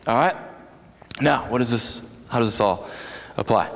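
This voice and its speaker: Brief: male pastor, 30s, playful storytelling sermon, lively swooping delivery, long hall reverb. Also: medium pitch, normal speed, gravelly, long pauses. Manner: animated, joking, storytelling with asides to the congregation. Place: church sanctuary.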